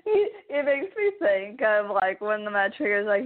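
A woman in casual chat, lively, chiming in and laughing along. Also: medium pitch, normal speed, few pauses, no room sound. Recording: dry, tinny phone-like sound.

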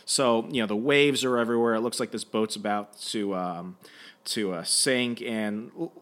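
A man's voice: on the low side, normal speed, fairly bright tone. A man podcaster casually recapping a comic, rambling and jokey, humming filler.

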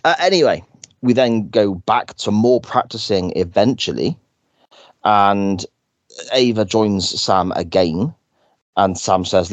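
A man's voice: lowish voice, expressive, a little slow, no echo. A man co-hosting a podcast, recapping an episode in chatty, enthusiastic casual talk. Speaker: podcast co-host.

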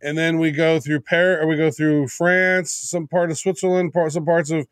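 A man's voice: on the high side, little pitch movement, no echo, clean studio sound. A man guesting on a podcast, talking casually and teasing his co-host as he tells of upcoming trips. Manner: quick, teasing storyteller.

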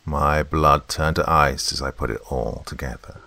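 A man with a very deep voice narrates a first-person horror story, tense and dramatic. The sound is close and completely dry. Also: steady tone, normal speed, creaky, pushed and bright, no echo.

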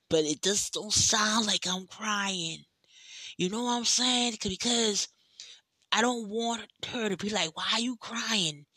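Slow, emotional woman podcaster. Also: mid-range voice, sharp tone, dry recording. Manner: emotional, heartfelt, speaks straight to listeners; slow and drawn out, with long pauses. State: tearful, overwhelmed. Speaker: podcast host. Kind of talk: personal monologue.

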